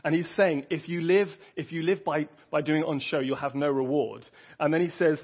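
Brief: male preacher, earnest and conversational, somewhat high, husky voice, dull lo-fi recording. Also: fairly quick. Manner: earnest, conversational, with frequent restarts. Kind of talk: sermon. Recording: dull lo-fi audio.

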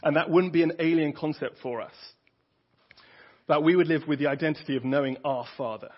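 A man's voice: on the high side, a little fast. A man preaching a sermon in an earnest, conversational way, often restarting his sentences. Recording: dull lo-fi audio.

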